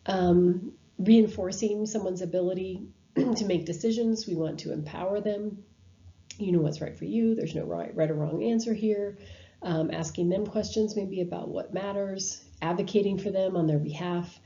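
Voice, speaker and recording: A woman's voice: medium pitch, fairly even intonation, moderate pace, warm tone, muffled recording. A woman giving a recorded university lecture over slides, talking in a conversational way with frequent ums and restarts. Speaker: university instructor.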